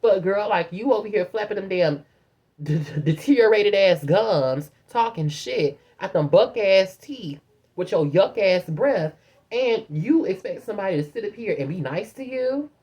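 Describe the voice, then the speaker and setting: Animated, foul-mouthed woman ranting to viewers. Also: mid-range voice, normal speed, breathy edge. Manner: profane, blunt, animated storytelling with put-on quotes. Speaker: vlogger. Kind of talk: casual storytime rant.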